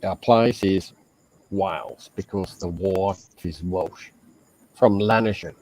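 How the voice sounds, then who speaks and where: A man's voice: sits low, slow pace, darkish tone, a little hiss or hum, poor audio. A man with an Australian accent chatting casually on a stream, telling stories in a blunt, profane way. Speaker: stream host. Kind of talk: casual chat.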